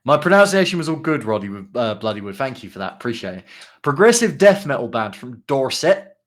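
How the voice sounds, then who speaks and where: A man's voice: medium pitch, very animated, brisk. A man co-hosting a casual podcast, reading out band descriptions with frequent ums and asides. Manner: reads out band blurbs with many ums and asides. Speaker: podcast co-host.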